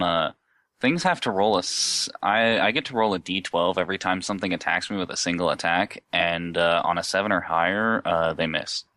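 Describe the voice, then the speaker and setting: A man's voice: low voice, bright, forceful tone, dry recording. A man playing in a tabletop game, wry and matter-of-fact. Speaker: player.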